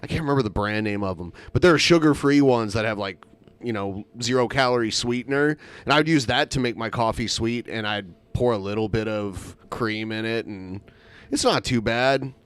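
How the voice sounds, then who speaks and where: Rambling man with a smooth, dry voice. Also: medium pitch, moderate pace, no room sound. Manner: rambling, lots of likes and uhs, laughs easily. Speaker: podcast co-host. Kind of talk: casual chat.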